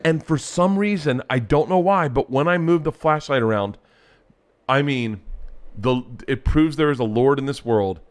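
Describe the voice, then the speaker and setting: A middle-aged man telling a story with animated delivery, acting out his family's voices. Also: medium pitch, moderate pace. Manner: lively, acts out voices of family. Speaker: comedian guest.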